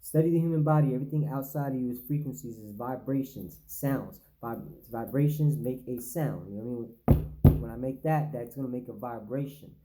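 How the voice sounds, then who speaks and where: A man with an extremely dark, mellow voice reads a text aloud in a plain, unhurried way. He keeps breaking off to talk straight to his listeners, and he often stumbles and repeats himself. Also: medium pitch, poor audio. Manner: stumbles and repeats words, addresses listeners directly. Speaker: channel host reading and commenting. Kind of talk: reading a text aloud with casual asides.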